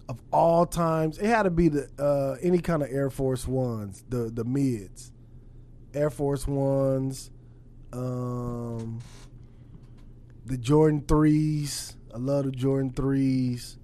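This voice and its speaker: A man's voice: medium pitch, fairly even intonation, slow, a little mellow. A man in a casual chat, blunt and teasing, drawing his words out. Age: adult with a child.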